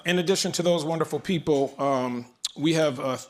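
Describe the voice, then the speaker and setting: A man's voice: on the high side, a little fast, some chatter behind. A man speaking into a handheld mic at a large public forum, moderating and announcing with energy. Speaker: moderator and organization leader. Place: large event hall.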